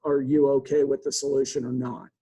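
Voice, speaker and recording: A man, a real estate agent, bluntly retelling a tense client call in a casual monologue, with quick restarts. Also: medium pitch, monotone, warm tone, breathy edge, faint music behind, rough recording.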